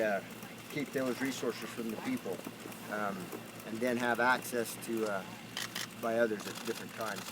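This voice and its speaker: A man's voice: mid-range voice, background noise. A man with a drawl, a rancher answering reporters at an outdoor press conference, talking in a folksy, earnest way that turns emphatic.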